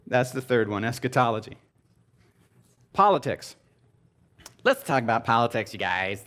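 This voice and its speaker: A man giving a comedic sermon to a live audience, animated and sarcastic, jumping between loud exclamations and mumbled asides. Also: mid-range voice, moderate pace, long pauses.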